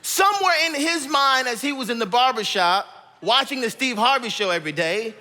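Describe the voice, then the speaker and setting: A man's voice: extremely high pitch, expressive, brisk, pushed and bright. A man in his thirties, a guest pastor, telling a personal story in a sermon and acting out his family members' voices. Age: 30s. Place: church auditorium stage. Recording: long reverb from a large auditorium.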